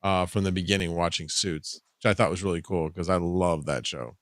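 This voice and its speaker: A man's voice: sits low, a little fast, fairly bright tone, no echo, clean studio sound. An easygoing man joining in a casual chat, agreeing along the way.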